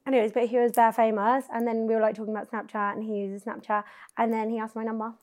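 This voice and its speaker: A woman's voice: on the high side, little pitch movement, fast, darkish tone. A young woman from England with a British accent, telling casual stories as a podcast host, swearing freely. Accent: British English. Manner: chatty, swearing, storytelling with a teasing bluff. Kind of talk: casual chat.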